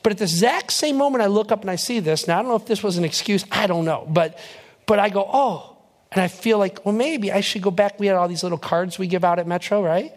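A man's voice: high-pitched, fast talker. A young male pastor telling a personal story in a sermon, acting out his own reactions and building to emphatic preaching. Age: young adult.

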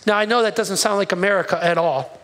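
A man's voice: high-pitched, fast talker, fairly bright tone, poor audio. A male pastor giving a sermon in a church, impassioned and conversational, asking the congregation questions.

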